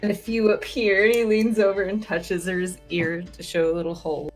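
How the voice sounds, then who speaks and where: A woman's voice: medium pitch, flat delivery, moderate pace, faint music behind. A woman playing a character in a tabletop game, with a playful, joking manner. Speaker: player.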